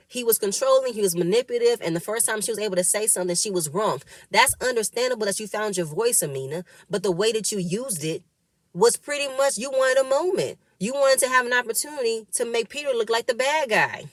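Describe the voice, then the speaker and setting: A woman recaps a reality episode in loose, emphatic chat. She repeats her words for stress and speaks at a mid pitch. Her voice sits close and dry, with no room echo. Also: expressive, brisk. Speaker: reality show cast member recapping an episode.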